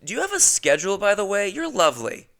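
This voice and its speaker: A man's voice: high-pitched, huge pitch swings, fast talker, vocal fry, pushed and bright, pitched above the performer's own voice, exaggerated voice. A man voicing a friendly, eager young woman passenger in a comic story, with a gushing, upbeat manner.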